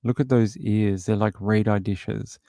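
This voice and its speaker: A man's voice: lowish voice, fairly even intonation, measured pace, gravelly, warm tone, no echo, studio quality. A man hosting a livestream, casually chatting and rambling with many filler words as he reads out viewer comments. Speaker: livestream host.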